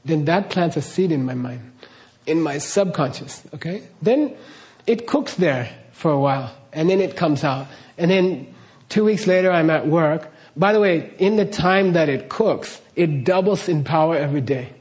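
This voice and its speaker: Middle-aged male teacher, casual talk, slightly raised pitch, laughs a lot, frequent "okay?". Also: expressive, unhurried, darkish tone. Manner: chatty, laughs often, keeps asking "okay?". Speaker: teacher of karma ideas.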